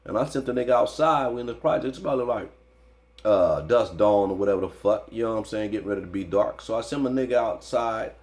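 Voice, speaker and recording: A man's voice: on the low side, fast talker. A man telling a story in an interview, in casual, slangy, profane speech, often adding "you know what I'm saying.". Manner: animated when recounting the fight. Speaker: interview guest.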